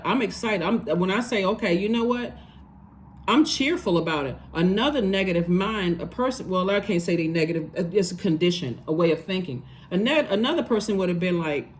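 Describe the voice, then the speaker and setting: A woman's voice: medium pitch, a little hiss or hum. A woman giving a casual tarot reading, talking emphatically and repeating phrases for stress. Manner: conversational, loose and rambling. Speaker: tarot reader.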